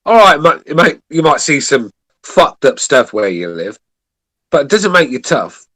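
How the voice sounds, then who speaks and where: A man's voice: fairly high pitch, big pitch swings, normal speed, fairly bright tone. A man with an English accent co-hosting a podcast, giving blunt opinions laced with swearing. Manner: blunt, profane banter. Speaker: podcast co-host. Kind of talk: casual podcast chat.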